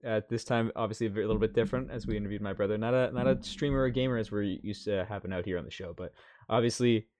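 Fast-talking man hosting a podcast. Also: lowish voice, a little mellow. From Canada. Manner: rambling, repeats words while closing the show. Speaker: podcast host. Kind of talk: casual podcast chat.

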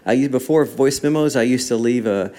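A man's voice: medium pitch, brisk. A man, a songwriter and guest, telling stories in a casual interview and acting out the dialogue. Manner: animated storyteller acting out dialogue.

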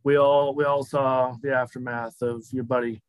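A man's voice: mid-range voice, level tone, normal speed, clear, resonant tone, dry recording, natural voice. A man voicing a blunt, tough woman who works with animals, talking curtly and brusquely. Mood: gruff. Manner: curt, brusque, calls others "little man".

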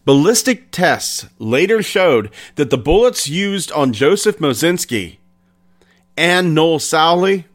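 A man hosting a podcast, retelling an old crime story in an unhurried, conversational way with pauses. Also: on the high side, very animated. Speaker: podcast host.

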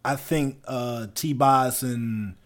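A man's voice: medium pitch, steady tone, very slow. A young man hosting a podcast in casual chat, talking in loose, profane, slangy banter. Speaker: podcast host.

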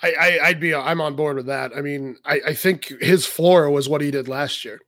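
A man's voice: fairly high pitch, moderate pace, a bit bright, no echo, studio quality. A man in a casual fantasy baseball chat, stammering as he jumps into the talk. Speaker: fantasy baseball podcast panelist.

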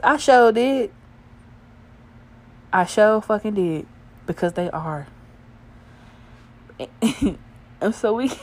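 A young woman telling a crude, profane story in a casual, animated way, often laughing. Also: lowish voice. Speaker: vlogger.

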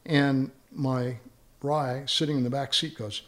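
A middle-aged man, a father of a big family, recounting anecdotes in a relaxed group chat. He talks with animation and slips into the voices of the people in his stories. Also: mid-range voice, a little slow. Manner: animated anecdote-telling, acts out quoted voices. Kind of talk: casual chat.

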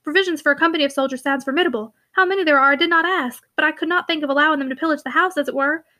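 A woman's voice: high voice, racing, bright, forceful tone. A woman reading the part of a timid, anxious older woman in an audiobook, hesitant and apologetic.

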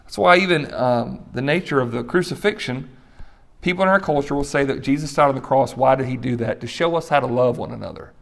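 A man's voice: medium pitch, a little fast, gravelly. A middle-aged man preaching a sermon as a pastor, conversational, with asides and light laughs.

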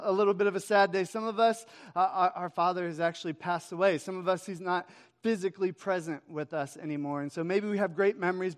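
A man in his thirties preaching a Father's Day sermon, telling a story with quick swings between loud and hushed. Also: high voice. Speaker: pastor. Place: church hall. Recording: echoey hall reverb.

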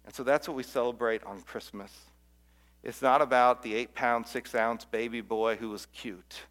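A man's voice: mid-range voice, steady tone, normal speed, fairly bright tone. A middle-aged man preaching a Christmas sermon as a pastor, earnest, often repeating words and dropping to a near-whisper at key lines.

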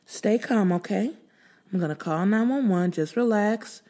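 A woman's voice: mid-range voice, a little slow, warm tone, close to an everyday voice. A woman voicing a kind female neighbor who speaks in a soothing but urgent way.

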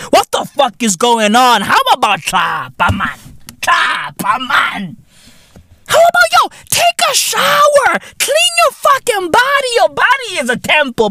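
A man in his thirties hosting a podcast, ranting loudly in a profane comedic style and peppering his lines with "right?" and "bruv". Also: high voice, no room sound. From South Africa. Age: 30s. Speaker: podcast host.

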